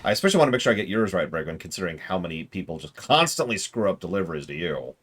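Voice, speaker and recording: A man's voice: sits low, sing-song, racing, fairly bright tone, breathy edge. Chatty man streaming a game. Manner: chatty, rambling asides. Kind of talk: casual game commentary.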